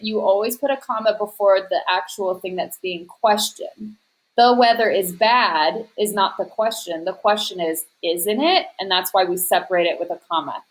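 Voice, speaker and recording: A woman teacher talking her students through a worksheet, patient and methodical. She explains each step plainly and speaks right to the class in a friendly, direct way. Her pitch sits in an ordinary middle range. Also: poor audio. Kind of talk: recorded class lesson.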